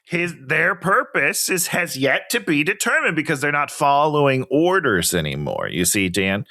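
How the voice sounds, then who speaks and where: A man's voice: on the high side, sing-song, moderate pace, sharp tone. A man co-hosting a casual movie review chat, joking and laughing often as he riffs on scenes. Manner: joking, laughs often, exaggerated mock voices. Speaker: podcast co-host.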